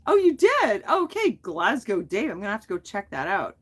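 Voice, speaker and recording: A woman's voice: medium pitch, wildly swooping pitch, moderate pace, a bit bright. A middle-aged woman hosting a casual livestream, chatting in a giggly, self-deprecating way while replying to viewers. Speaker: livestream host.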